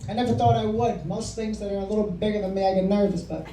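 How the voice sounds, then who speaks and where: A man's voice: high-pitched, fast talker, mellow, roomy sound. Man, stand-up comic, self-deprecating, rambling, far-off mic, faint room noise. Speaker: stand-up comedian. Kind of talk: stand-up comedy set. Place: bar comedy room.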